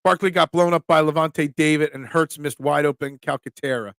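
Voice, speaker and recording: A man with a high, bright voice talks football on a live stream, answering viewer comments in an animated, emphatic way. The sound is close and dry, with no room echo. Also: fairly quick. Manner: animated, emphatic, reads chat aloud. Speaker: sports talk host reading viewer comments. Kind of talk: casual live-stream chat.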